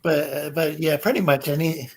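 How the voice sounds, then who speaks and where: Hesitant man talking in halting bursts. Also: on the high side, poor audio. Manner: hesitant, halting, many restarts. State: unwell. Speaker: streamer. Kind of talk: casual chat.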